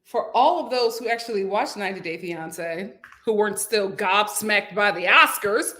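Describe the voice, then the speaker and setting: A woman's voice: mid-range voice, moderate pace, bright, forceful tone. A woman hosting a casual live stream from home, chatting and reading viewer comments aloud.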